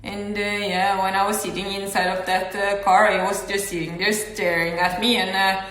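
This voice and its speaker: A woman vlogging an agitated personal monologue, halting with many filler words and breaking into sudden loud outbursts. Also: medium pitch, flat delivery. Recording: echoey room with long reverb.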